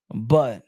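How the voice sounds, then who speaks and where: A man's voice: dark tone, no echo, studio quality. A man hosting a boxing podcast in a casual, blunt and profane rant, often repeating words as he restarts his thoughts.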